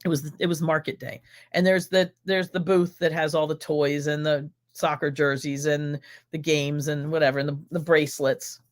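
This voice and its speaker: A woman's voice: sits low, level tone, normal speed. A middle-aged American woman with an American accent hosts a live stream, chatting exuberantly and rambling through questions and stories. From United States.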